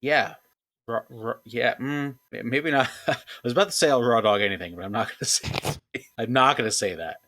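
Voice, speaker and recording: A man co-hosting a podcast, talking casually in halting, self-correcting bits and laughing under his breath. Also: mid-range voice, sharp tone, a little hiss or hum. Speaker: podcast co-host. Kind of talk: casual chat.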